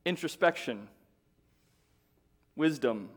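A middle-aged man preaching a sermon as pastor, in a conversational way that often repeats words and builds into excited bursts. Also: a little high, slow pace, slightly rough.

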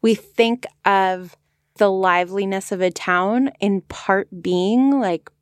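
A woman hosting a podcast, talking in a relaxed, reflective, conversational way and often stopping to think aloud. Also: medium pitch, slow pace, clear, resonant tone, no room sound, studio quality. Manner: thoughtful, conversational, frequent "like" fillers. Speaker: podcast host. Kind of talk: casual reflective discussion.

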